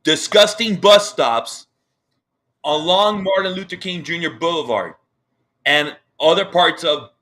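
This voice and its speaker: A man's voice: on the high side, measured pace, pushed and bright. A man hosting a live-streamed interview over a video call, talking with upset passion and repeating himself. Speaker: online news show host.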